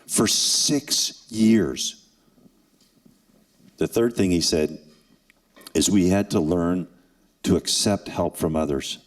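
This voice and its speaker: A man in his sixties speaks at a forum for students in a deep, low voice. He tells his story in an earnest way, with dramatic pauses and acted quotes. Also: darkish tone. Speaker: former NFL kicker and forum speaker. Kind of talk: emotional personal storytelling to students. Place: event hall.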